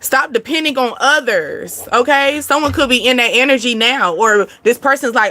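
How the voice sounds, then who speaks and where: A woman's voice: fairly high pitch, normal speed, pushed and bright. A woman, giving a casual spiritual tarot card reading in a chatty, repetitive way with frequent laughs.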